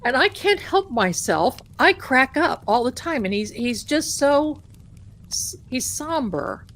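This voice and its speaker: A woman hosting a tarot livestream, chatting casually and telling a personal story in an animated, amused way. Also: high voice, takes it slowly. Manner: chatty, animated, laughing at her own story. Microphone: desk mic at home.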